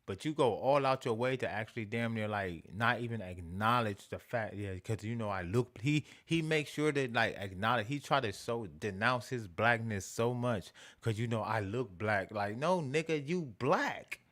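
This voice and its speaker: A man's voice: lowish voice, moderate pace, hardly any pauses, fairly bright tone. A man giving casual commentary, rambling with restarts and slang, emphatic in his points.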